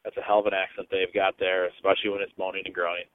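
A man's voice: low voice, flat delivery, very fast, dry recording. A man leaves a loose, rambling voicemail, drifting from thought to thought with plenty of ums. The sound is thin and phone-like, dry with no room around it. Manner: casual, rambling, many ums. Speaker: voicemail caller. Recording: tinny phone line, dry.

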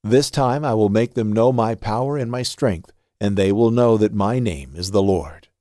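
A man reading Bible passages aloud in a measured, steady way. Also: fairly low pitch. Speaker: scripture reader.

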